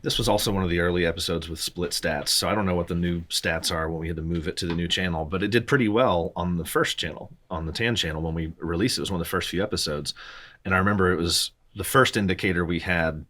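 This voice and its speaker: A man's voice: low voice, quick pace, fairly bright tone. A man co-hosting a podcast, chatting casually and reminiscing with easy laughter. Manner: easygoing, reminiscing, laughs often. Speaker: podcast co-host. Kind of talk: casual chat.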